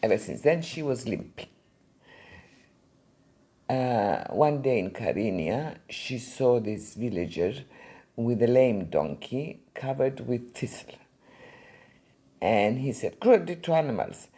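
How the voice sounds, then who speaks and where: An older woman, an art collector and museum founder, telling anecdotes in an interview in an animated, vivid way. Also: very deep voice, takes it slowly, long pauses, slightly rough.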